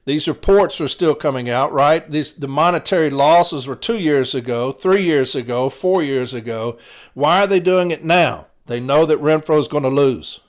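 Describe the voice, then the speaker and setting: A man's voice: fairly high pitch, normal speed. A man, a city letter carrier hosting a podcast, delivering a blunt, profane, fired-up monologue while tired. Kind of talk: casual opinion monologue.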